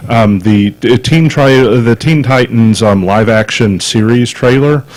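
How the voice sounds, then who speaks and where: A man's voice: mid-range voice, measured pace, a little mellow, low-quality recording. A man co-hosting a casual podcast, rambling and hesitant, full of fillers and repeated words. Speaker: podcast co-host. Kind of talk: casual chat.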